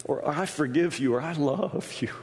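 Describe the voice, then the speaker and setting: A male pastor preaching a sermon in a church, stammering through restarts and building to shouts. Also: a little high, moderate pace. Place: church sanctuary. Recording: long hall reverb.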